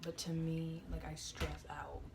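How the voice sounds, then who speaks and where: A woman's voice: low voice, level tone, measured pace, vocal fry, background noise. A young woman telling a work story to her camera in a chatty, exasperated way, full of fillers. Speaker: vlogger. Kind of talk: casual storytime vlog.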